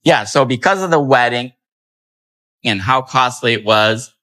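A man's voice: medium pitch, measured pace, sharp tone, low-quality recording. Defensive guy on reality tv, stubborn, not budging, medium voice. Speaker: reality show cast member. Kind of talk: arguing in a reality show clip.

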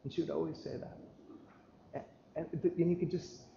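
A man's voice: fairly high pitch, steady tone, moderate pace, creaky, mellow, slight background noise. A man preaching a sermon as pastor, telling a story in a conversational way, full of restarts. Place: church sanctuary. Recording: echoey church livestream, dull lo-fi sound.

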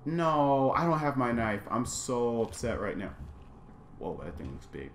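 A man's voice: mid-range voice, sing-song, unhurried, roomy sound, a little hiss or hum. A man hosting a let's play, jumpy and easily startled, repeating himself and bantering with viewers. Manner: chatty with an exclamatory, self-deprecating banter. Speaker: gaming channel host.

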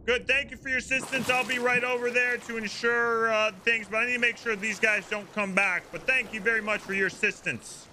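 High-voiced man playing a mock cop. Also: fairly quick, hardly any pauses. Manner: mock-official, bantering, theatrical interrogation. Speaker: streamer host. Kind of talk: playful cop role-play over game chat. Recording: steady background noise.

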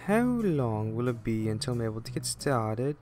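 A man's voice: medium pitch, very animated, normal speed, darkish tone, soft background music, natural voice. A man doing an impatient, doubtful engine.

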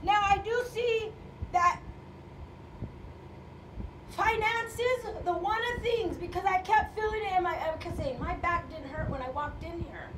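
A woman's voice: very high-pitched, a little slow, long pauses, far from the mic, noisy background. A woman pastor preaching a sermon with passion, her voice at times breaking with emotion. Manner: impassioned, rising to fervent calls, voice breaking with emotion. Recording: echoey room, speaker away from mic, faint ambience.

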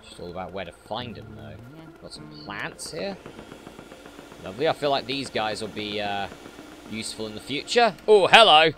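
A man doing let's play commentary, excitable and jokey, talking back at the game. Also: on the low side, normal speed, long pauses, background noise.

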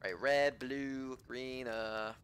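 A man giving casual let's-play commentary, rambling to himself with frequent restarts, swearing and sudden excited outbursts. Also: medium pitch, extremely slow, clear, resonant tone.

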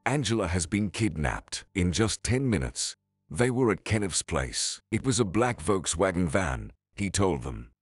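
Deep husky male story narrator. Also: sing-song, a little slow, no echo, studio quality. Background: faint music.

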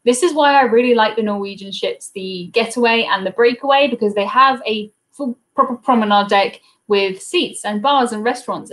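A young woman from England's south coast, with a Southern English accent, hosts a casual live cruise Q&A from her desk at home. Chatty and upbeat, she reads viewer comments aloud and coos at her dog, her voice on the high side and fairly bright.

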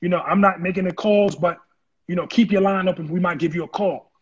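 A man telling his story in an interview, animated and acting out the voices of people he quotes. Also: high-pitched, fairly quick, breathy edge, highs cut off. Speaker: interview guest, former football player. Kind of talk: casual storytelling.

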